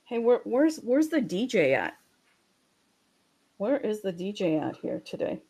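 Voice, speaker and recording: A woman hosting a crypto livestream, talking in an energetic, chatty and openly salesy way as she promotes a wallet and marketplace. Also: medium pitch, a little slow, gravelly, husky.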